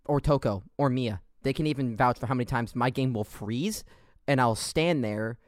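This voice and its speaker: A man with a mid-range voice and moderate pace hosts a casual gaming podcast, rambling through stories and laughing along. The sound is clean studio audio with no room sound.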